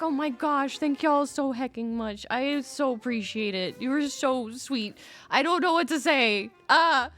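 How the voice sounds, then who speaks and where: A woman's voice: high voice, fairly bright tone. A young woman chatting casually on a live stream, gushing and a little scattered as she talks to her viewers. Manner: bubbly, gushing and a bit scattered.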